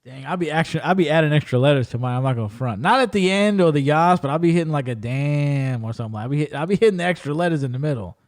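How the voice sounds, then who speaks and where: A man's voice: on the high side, quick pace, few pauses, darkish tone. A man hosting a podcast in casual chat, playful and hyped, cursing freely. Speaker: podcast host.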